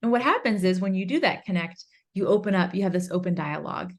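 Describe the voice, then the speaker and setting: A woman guest, an author and curriculum instructor, explaining a parenting framework in an interview, earnest and acting out gentle phrases a parent might say. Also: mid-range voice, expressive, fast talker.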